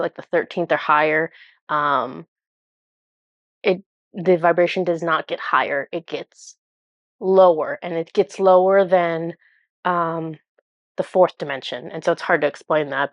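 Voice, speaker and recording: A woman's voice: lowish voice, normal speed, dry recording, dull audio. Emotional woman recounting a spiritual vision. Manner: earnest, emotional storytelling with many fillers and restarts. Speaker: spiritual channeler.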